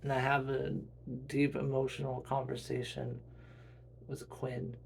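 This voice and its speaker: Slow, gravelly male storyteller. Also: medium pitch, completely flat delivery, a little hiss or hum. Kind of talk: first-person role-play story narration.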